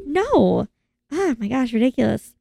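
A woman's voice: a little high, unhurried, gravelly, darkish tone, no echo. A woman in casual chat, recapping a film and animatedly acting out the characters' lines in voices. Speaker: podcast co-host recapping a film.

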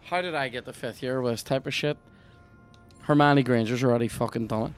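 A man with a Northern Irish accent, hosting a podcast and commenting on a video game in a sweary, excitable, jokey way. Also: medium pitch, a little fast, faint music behind. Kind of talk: casual gameplay commentary.

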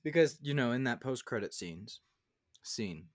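A man's voice: measured pace, no room sound. Chatty man with dry close sound. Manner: animated, gets loud and high when annoyed. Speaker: podcast co-host. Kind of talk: casual chat.

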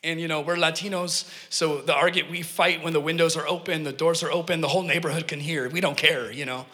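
A man's voice: fairly high pitch, fairly even intonation, a little fast, bright, forceful tone. A man preaching a sermon in a church hall. He is earnest and emphatic, and he tells personal stories with joking asides to the congregation. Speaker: pastor. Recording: echoey hall reverb.

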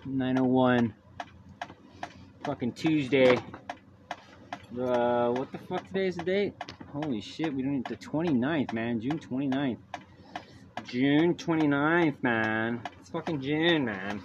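A man's voice: medium pitch, slow, long pauses. A man hosting a solo podcast from home, rambling loosely and swearing constantly. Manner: profane, rambling, loose and casual. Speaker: podcast host. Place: at home, by a baby monitor. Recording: dull lo-fi audio with noise.

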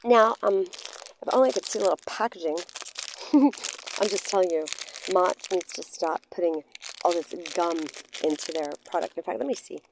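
A woman's voice: on the low side, moderate pace, gravelly, a little hiss or hum, rough recording. A woman co-hosting a casual podcast in a laundromat, playful and giggly. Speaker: co-host.

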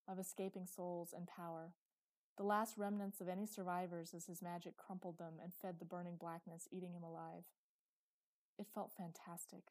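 A woman narrates a dark fantasy story in a steady, measured read. Her voice is low and mellow, recorded dry and close with no room sound. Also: no room sound, poor audio. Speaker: audiobook narrator.

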